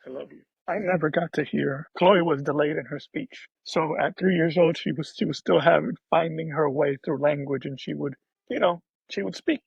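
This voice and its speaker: A man speaks with a gravelly, husky voice pitched a little high. He tells an emotional personal story as a podcast guest, soft-spoken and halting, often starting his sentences over. The sound is dry and dull, as on a muffled remote recording. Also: no echo.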